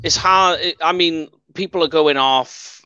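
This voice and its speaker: A man hosting a casual sports chat, running through the picks in a lively way. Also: a little high, unhurried, clean tone, no echo, highs cut off. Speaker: host.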